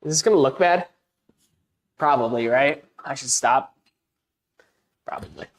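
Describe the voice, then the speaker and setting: A woman's voice: a bass voice, a little slow. Woman streaming and just chatting w/ chat, rambly, restarts a lot, laughs at herself, painting while she talks. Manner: self-deprecating and laughing easily. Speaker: live streamer. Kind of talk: casual chat with a stream audience.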